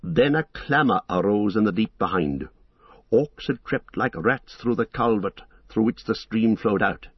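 A man with a low voice reads a story aloud, steady and measured. The recording sounds dull and lo-fi, with a dry, close sound and no room echo. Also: slightly rough. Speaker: narrator. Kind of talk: storybook reading.

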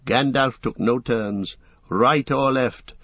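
Male narrator for an audiobook, husky voice, dry and dull lo-fi recording. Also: mid-range voice, slow, no echo. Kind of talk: audiobook reading.

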